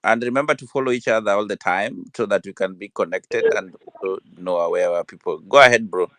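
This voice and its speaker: Low-voiced Kenyan man hosting. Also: a little fast, no room sound. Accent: Kenyan English. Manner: calm, calls on speakers by name. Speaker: host of a live audio space.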